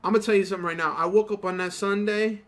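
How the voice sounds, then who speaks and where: A man's voice: high-pitched, fairly even intonation, fast, fairly bright tone. A young man telling a rambling, profane story while commenting on his gameplay. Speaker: gaming YouTuber.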